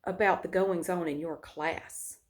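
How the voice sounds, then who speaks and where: Lady playing a kind principal lady, slow careful questions. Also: fairly low pitch, fairly even intonation, pitched below the performer's own voice, lightly acted. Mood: stern. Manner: gentle, measured questioning. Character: concerned middle-aged woman school principal.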